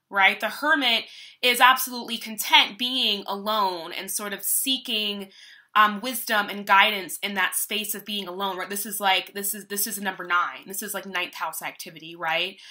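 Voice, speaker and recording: A young woman reads tarot cards in a loose, conversational way, circling around her points with plenty of fillers. Her voice is very bright and sits at a middling pitch. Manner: chatty, meandering, many fillers. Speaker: tarot reader. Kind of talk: casual tarot reading monologue.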